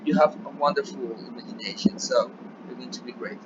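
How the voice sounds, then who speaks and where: A man's voice: mid-range voice, fairly even intonation, fairly quick. A man with a Colombian Spanish accent, a native Spanish speaker, teaching an English lesson remotely and often checking in with "yeah?". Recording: dull lo-fi recording with noticeable background noise.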